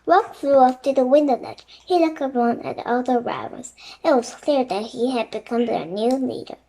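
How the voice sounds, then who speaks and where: A young reader narrating a children's chapter book aloud in a steady, plain read-aloud way. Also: high-pitched, normal speed, gravelly. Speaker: storybook reader.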